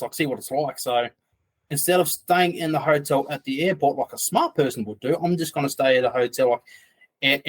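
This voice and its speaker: A man, a podcast guest telling a story in a loose, rambling way. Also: mid-range voice. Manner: rambling, loose, full of "like" asides. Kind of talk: casual storytelling.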